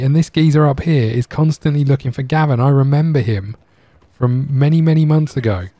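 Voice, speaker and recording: A man's voice: medium pitch, brisk, few pauses, dark tone, dry recording. A man casually commenting on a game he is streaming, chatty and joking as he rambles along. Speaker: gaming streamer.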